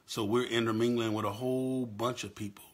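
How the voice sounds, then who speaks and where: A man's voice: medium pitch, fairly even intonation, brisk. A middle-aged man hosting a live-stream talk, impassioned and swinging between choked-up and fired-up. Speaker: show host.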